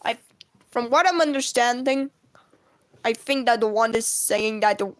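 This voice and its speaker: Rambling woman, higher voice. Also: a little slow, pauses often. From Russia. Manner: rambling, self-correcting, frequent coughs. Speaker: comic artist streaming. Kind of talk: casual live-stream chat while drawing.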